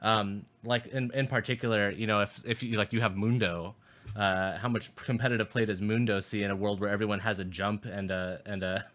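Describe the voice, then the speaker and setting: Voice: low-pitched, fairly even intonation, a little fast, fairly bright tone. A podcast co-host in casual gaming talk, musing with many restarts and fillers like "you know" and "like".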